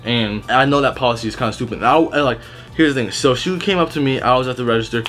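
A man's voice: mid-range voice, fast, fairly bright tone, faint music behind. A young man telling work stories in a casual vlog, blunt and heavily profane, rambling with restarts. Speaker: retail worker telling stories.

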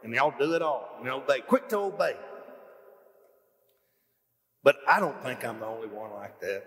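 A man preaching a folksy, animated sermon to his church, full of emphatic questions. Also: mid-range voice, moderate pace, big-room sound. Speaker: pastor. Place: church hall.

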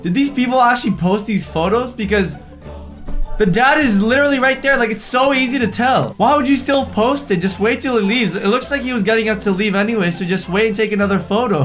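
A young man with a high voice talks casually through a reaction video, cracking jokes and mocking the people in the pictures with put-on voices. Faint music plays quietly behind him. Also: a little fast. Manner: animated, jokey, puts on mocking voices for people in photos.

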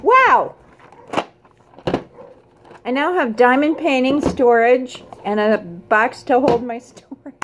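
A woman opening a gift box in a casual unboxing vlog, gushing and excitable, squealing and screaming with delight between quieter asides. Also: fairly high pitch, measured pace, few pauses, noisy background. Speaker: craft vlogger.

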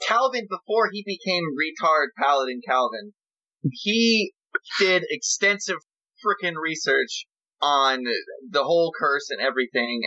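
Give me a bright, slightly high man speaking heatedly and emphatically. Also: animated, a little slow. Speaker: player, cast member. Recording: dull lo-fi sound.

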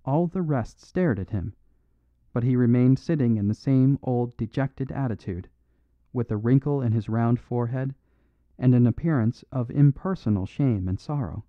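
A man reading a mystery audiobook in an even, measured way. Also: medium pitch, no echo. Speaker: audiobook narrator. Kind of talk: scripted audiobook narration. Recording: dry phone-like narrow sound.

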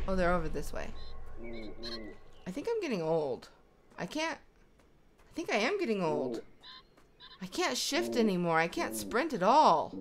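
A woman's voice: medium pitch, very animated, a little slow, creaky, long pauses, background noise. A young woman giving casual let's-play commentary, chatting to the animals in her game as if they were her kids. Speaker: gaming YouTuber.

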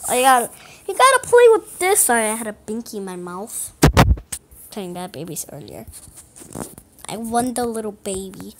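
High-voiced playful woman gamer, lively. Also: moderate pace, pauses often. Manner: rambling, playful, self-talking. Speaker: gaming video creator. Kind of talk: casual gameplay commentary.

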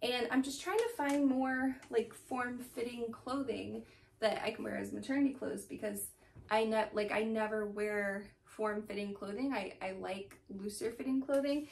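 A woman's voice: on the high side, steady tone, moderate pace, gravelly, recorded from a distance. A young woman chatting casually at home about her thrift haul, rambling and laughing often. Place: home room.

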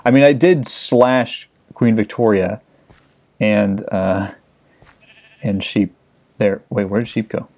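A man's voice: fairly low pitch, steady tone, takes it slowly, long pauses, darkish tone. Frantic swearing young man gaming. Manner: frantic, swearing, exclaiming at the game. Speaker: let's play gamer. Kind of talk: casual gameplay commentary.

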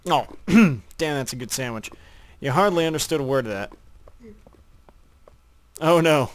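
A man plays a co-op map with friends, teasing them, swearing and mock-narrating the action in casual gaming commentary. His voice is a little high and animated, but he's unhurried and leaves long pauses.

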